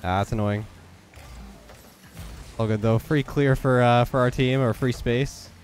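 A young man with a stuffed-up, nasal voice, giving quick, focused play-by-play commentary on his own game. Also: mid-range voice, steady tone, soft background music. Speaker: gaming YouTuber. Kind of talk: live gameplay commentary.

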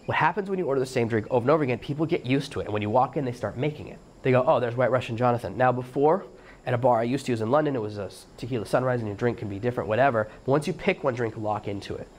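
A middle-aged man hosting a solo podcast, giving emphatic coaching advice and acting out little bits of dialogue. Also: medium pitch. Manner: fast-talking, emphatic coaching tone; acts out quoted dialogue. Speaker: podcast host.

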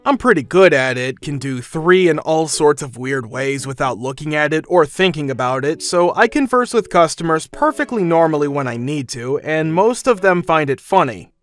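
A man narrating a first-person workplace story in a steady, matter-of-fact scripted read. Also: a little high, moderate pace, few pauses.

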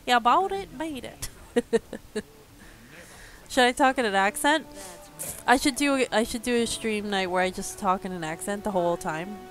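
A woman's voice: mid-range voice, steady tone, fairly quick, faint music behind. Chatty, teasing woman streaming a game. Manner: chatty, teasing, laughs often. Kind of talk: casual gameplay chat.

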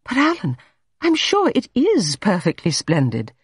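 A kind, gentle young woman answers in a raised, earnest voice, eager to please, as a narrator puts her on. The tone is slightly husky, with a dry, close sound. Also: medium pitch, huge pitch swings, a little slow, dry recording, pitched above the performer's own voice, exaggerated voice. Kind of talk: audiobook character reading.

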